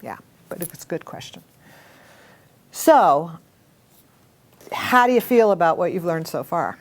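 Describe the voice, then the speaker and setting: A middle-aged woman teaching a communication workshop to a live group, talking in a lively, animated way. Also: lowish voice, measured pace. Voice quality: animated storytelling with acted quotes. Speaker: workshop instructor.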